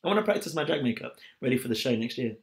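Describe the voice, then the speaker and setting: A man's voice: medium pitch, expressive, racing. A young man from England co-hosting a casual podcast, with a slightly posh-sounding way of speaking. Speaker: podcast co-host. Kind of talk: casual chat.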